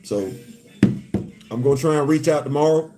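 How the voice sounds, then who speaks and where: A man's voice: fairly high pitch, normal speed, music in the background. A man in his fifties hosting a casual live stream, laughing often, restarting sentences and turning heartfelt. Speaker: livestream host.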